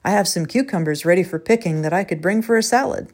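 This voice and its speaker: A woman's voice: lowish voice, quick pace, a little mellow, lightly acted. Woman doing a cheerful, friendly neighbor man. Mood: beaming. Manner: cheerful and beaming. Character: pleasant friendly male neighbor.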